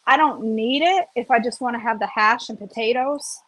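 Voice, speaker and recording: A woman's voice: a little high, normal speed, a bit bright. A woman, chatting casually through a cooking vlog and often checking in with "okay?". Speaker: cooking vlogger.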